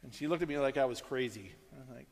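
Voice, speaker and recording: A pastor giving a sermon, telling stories animatedly and acting out the people in them. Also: male voice, medium pitch, racing, big-room sound. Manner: animated storytelling, acting out quotes in raised voice.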